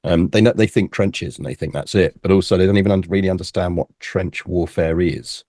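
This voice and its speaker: A man's voice: sits low, warm tone, dry recording, studio quality. A man, a guest talking about military history in a casual conversation, often restarting before explaining at length. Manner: halting, many restarts, then fluent explanations.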